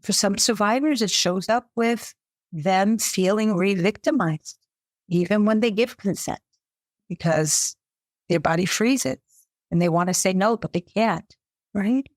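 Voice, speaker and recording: A middle-aged woman psychotherapist talks in an interview, expressive and vivid, sometimes slipping into her clients' voices. Her voice sits at a middle pitch for a woman. The recording is dry and close. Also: unhurried, no room sound. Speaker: psychotherapist guest. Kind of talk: interview conversation. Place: US capital region.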